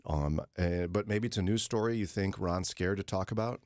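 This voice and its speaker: A man's voice: deep voice, normal speed, darkish tone, dry recording, clean studio sound. A man hosting a morning radio show, joking around in casual banter and teasing his co-hosts. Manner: joking, puts on silly accents. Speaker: radio host.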